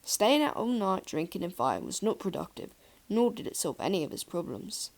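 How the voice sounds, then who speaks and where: A woman narrating a fan-fiction audiobook in a calm, steady storytelling voice. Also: mid-range voice, brisk.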